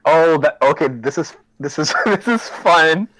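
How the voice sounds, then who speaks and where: A man's voice: a little high, lively intonation, a little slow, fairly bright tone, no echo, rough recording. A young man, a podcast guest in casual chat, laughing often and stumbling over his words.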